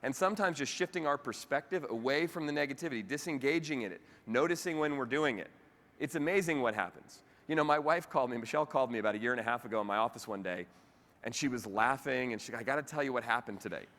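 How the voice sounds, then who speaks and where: A man giving a lively motivational keynote talk, chatting directly with the audience at a convention. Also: mid-range voice, fast. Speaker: keynote speaker. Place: convention hall with live audience. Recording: reverberant convention hall.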